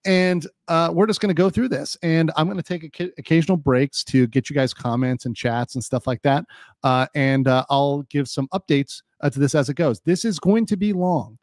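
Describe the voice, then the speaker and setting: A man's voice: on the high side, moderate pace, a little mellow, dry recording, studio quality. A man doing casual live-stream legal commentary, chatty with lots of fillers, reading viewer chat aloud and a little hiccupy. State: has the hiccups.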